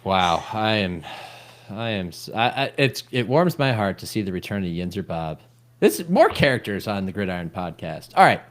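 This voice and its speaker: A man co-hosting a sports podcast, animated and teasing in quick banter. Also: deep voice. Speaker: podcast co-host. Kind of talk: casual sports chat.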